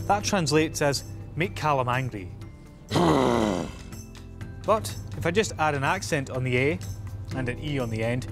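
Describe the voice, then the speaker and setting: A man's voice: medium pitch, very animated, unhurried, pauses often, over music. A man presenting on location in a playful, punning way. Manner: punning, jokey.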